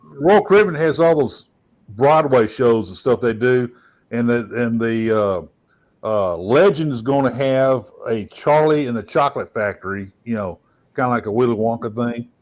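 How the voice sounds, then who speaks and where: Man with a middle-pitched voice, laid-back talker, easy pace. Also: normal speed. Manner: relaxed, chatty, frequent uh fillers. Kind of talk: casual chat.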